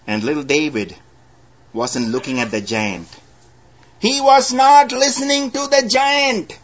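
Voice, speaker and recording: High-voiced storytelling preacher man. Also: a bit bright. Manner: storytelling with humorous asides and slowed dramatic emphasis. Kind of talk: sermon. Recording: dull lo-fi recording.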